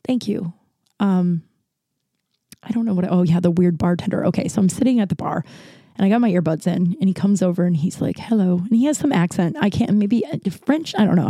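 A young woman hosting a podcast, telling a long story in a casual, rambling way full of fillers and animated asides. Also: mid-range voice, fairly quick, no room sound, studio quality. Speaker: podcast host.

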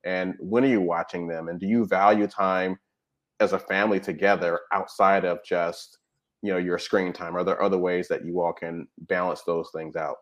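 Low-voiced man explaining in conversation. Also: fairly even intonation, moderate pace, dull audio. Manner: explanatory, frequent "right?" and "you know". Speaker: guest expert on technology habits. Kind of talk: conversational interview talk.

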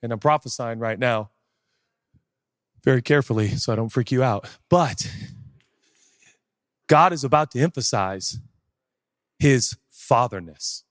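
A man preaching a sermon as pastor, animated and jokey, acting out little dialogues and breaking into sudden shouts. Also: mid-range voice, unhurried, pauses often, no echo, clean studio sound.

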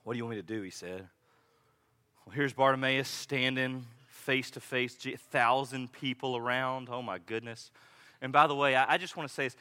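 A man preaching a sermon, dramatic, swinging between loud and hushed as he acts out the people in the story. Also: medium pitch, normal speed, clear, resonant tone. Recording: echoey hall reverb.

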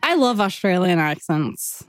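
A woman's voice: fairly low pitch, sing-song, a little slow, dry recording. Giggly woman podcaster, dry sound. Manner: giggly, self-deprecating, rambling. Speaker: podcast co-host. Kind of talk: casual chat.

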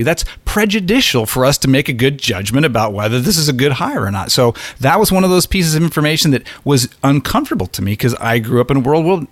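A man speaks in a candid, searching way and keeps restarting his sentences as he works out what he thinks. His voice sits at an ordinary middle pitch. The sound is dry and close, with no room echo. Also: lively intonation. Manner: halting, restarts often, thinks aloud. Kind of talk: candid conversational discussion.

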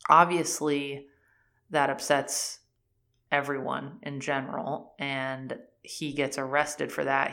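Low-voiced woman recapping a TV show. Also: vocal fry. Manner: animated storytelling, acts out characters' lines; frequent fillers "like" and "um". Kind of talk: casual chat recapping a TV series.

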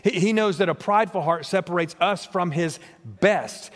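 A pastor delivers an earnest sermon with a notably high voice, stumbling over and repeating his words as he presses each point. His voice rings with the long reverb of a large church hall. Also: normal speed. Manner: earnest preaching with frequent word repeats and restarts.

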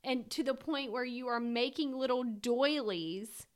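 A woman's voice: a little high, measured pace, smooth. A woman co-hosting a casual faith chat, talking in an emotional, gushing way. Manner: emotional, gushing, tearful at times.

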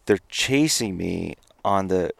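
A man, a podcast guest, casually telling a long, animated story and laughing at his own misadventure. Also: low-pitched, slow pace, creaky, no room sound. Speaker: podcast guest, company founder.

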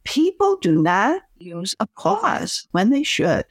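A woman, a communication coach, giving advice as a podcast guest in an expressive, demonstrative way. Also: on the high side, takes it slowly, no room sound, studio quality. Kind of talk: podcast interview.

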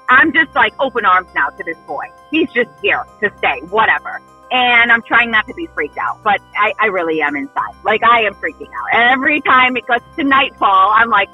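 A woman telling a spooky personal story in casual chat, animated and breathless. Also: on the high side, normal speed, husky, dull audio, soft background music. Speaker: storyteller recounting a haunting.

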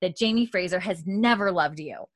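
A woman's voice: lowish voice, moderate pace, dry recording, natural voice. A woman voicing an earnest, defensive young woman in a recap. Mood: defiant.

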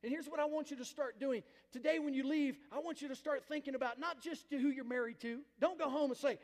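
Male pastor, high-pitched, emphatic call-and-response sermon, reverberant church hall. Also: a little fast, hardly any pauses. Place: church sanctuary.

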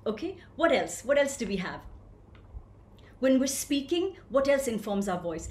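A woman leading a voice workshop for coaches, lively and questioning, answering participants by name. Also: high-pitched, moderate pace, reverberant. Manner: animated, asks the group questions and answers them. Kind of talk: live online workshop teaching.

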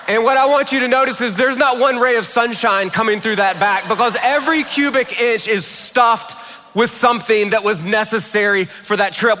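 Bright-voiced man preaching with humor. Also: high-pitched, in a large hall. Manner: humorous, animated storyteller. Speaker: pastor. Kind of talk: sermon with storytelling.

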